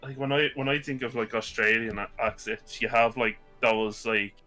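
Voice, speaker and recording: Man, young, bright forceful voice, rambling casual chat, faint music behind. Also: medium pitch, steady tone, moderate pace. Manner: rambling, laughing, swearing. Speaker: co-host.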